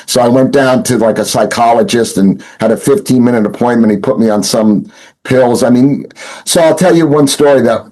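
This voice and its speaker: Guy rambling through a story in an interview, lots of you-knows and restarts, middle pitch. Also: fairly quick, darkish tone, poor audio. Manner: rambling, full of fillers and restarts, acts out quotes. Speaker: interview guest, former smuggler turned informant.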